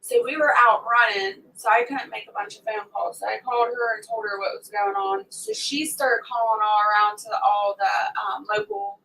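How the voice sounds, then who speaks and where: A woman's voice: a little high, expressive, moderate pace, hardly any pauses, pushed and bright. A woman hosting a casual morning chat from home, rambling through a story for her viewers. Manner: chatty, rambling storyteller who scolds her pets mid-sentence. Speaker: homesteading livestream host. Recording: distant mic with faint background hum.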